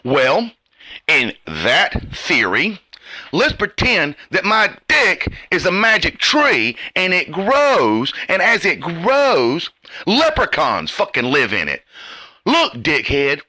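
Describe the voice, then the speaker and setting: A man's voice: high voice, sharp tone, no room sound. A man ranting in a heated, profane, sarcastic commentary as host of his own show.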